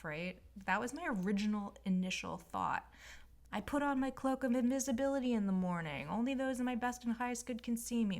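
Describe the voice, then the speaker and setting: A woman's voice: mid-range voice, fairly quick, creaky. A woman spiritual healer telling a personal story in a rambling, emotional, casual monologue. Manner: rambling, emotional, filler-heavy.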